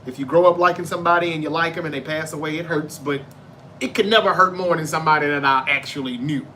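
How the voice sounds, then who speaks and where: Talking fast in a slightly high, bright and forceful voice, a Southern host from Memphis, Tennessee runs his live show casually. He reads viewer comments and responds with loose, cursing talk, while slight background noise sits under the audio.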